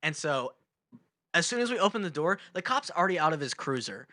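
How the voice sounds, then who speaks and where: Animated young man telling a story. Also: a little high, a little fast, no room sound. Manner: animated storyteller, acts out loud quoted shouts. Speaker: podcast co-host. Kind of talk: casual storytelling chat.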